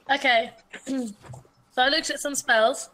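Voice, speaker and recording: A woman takes part in a tabletop game, asking about her options. Her voice sits high and sounds bright and clear. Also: poor audio. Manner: asks questions about the rules. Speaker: player. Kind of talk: casual tabletop game play.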